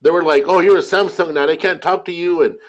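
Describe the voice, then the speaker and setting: A man in casual chat, telling animated stories, swearing often and saying "man" a lot. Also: a little high, fast, lo-fi sound.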